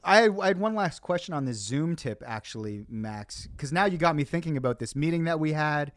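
A man's voice: fairly high pitch, expressive, a little fast, no echo. A man co-hosting a podcast in casual chat, asking questions and telling stories. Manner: curious, asks questions. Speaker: podcast co-host.

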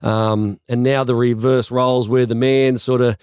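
A man's voice: mid-range voice, level tone, moderate pace, darkish tone, smooth, no echo. A man hosting a podcast interview, chatty and rambling, often restarting his sentences. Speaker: podcast host. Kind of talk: casual interview chat. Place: podcast studio booth.

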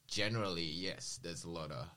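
A man casually recounting personal experiences in an interview, with a rambling, animated manner and quoted dialogue. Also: low-pitched, moderate pace.

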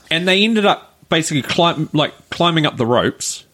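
A man, co-hosting a podcast in casual chat, telling stories in a rambling, animated way. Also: on the high side, unhurried. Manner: rambling storyteller, animated retelling. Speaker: podcast co-host.

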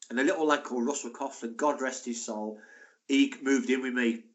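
A man, a former footballer telling lively anecdotes as a podcast guest. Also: mid-range voice, a little fast, muffled recording. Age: 60s. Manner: animated, laughing anecdotes. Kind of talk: casual storytelling.

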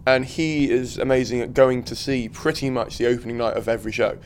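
A man's voice: medium pitch, a little hiss or hum. A man, a performer, interviewing a guest in a friendly, casual chat. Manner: quick, friendly, many fillers and restarts.

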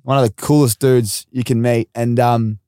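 A man's voice: mid-range voice, fairly even intonation, moderate pace, mellow, clear, resonant tone, dry recording, studio quality. A young Australian man hosting a podcast, rambling casually, laughing often and swearing freely. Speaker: podcast host. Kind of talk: casual chat.

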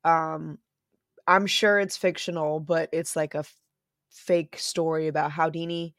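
A woman co-hosting a podcast over a video call, animated and swearing freely. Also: sits low, no echo, clean studio sound. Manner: animated, swearing, quick reactions. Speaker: podcast co-host. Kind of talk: casual chat.

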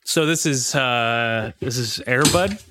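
A man's voice: mid-range voice, slow pace, heavy background noise. A man co-hosting a casual comedy chat, goofy and joking. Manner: goofy, jokey. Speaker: comedy podcast co-host.

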